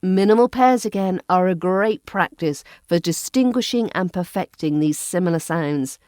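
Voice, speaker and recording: A woman's voice: fairly low pitch, expressive, normal speed, a little mellow, no echo, studio quality. A woman with an RP British accent, a podcast host giving a scripted accent lesson with careful, precise enunciation. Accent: RP British English.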